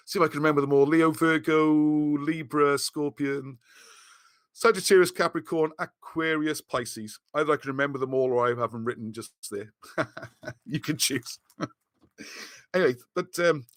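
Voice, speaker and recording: A man talks casually on a livestream, rambling and excitable, often stopping to restart his sentences. His voice is mid-pitched and a little strained, as if it is giving out. The sound is dry and close, with no room around it. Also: no room sound. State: losing his voice. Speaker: host of a live video chat.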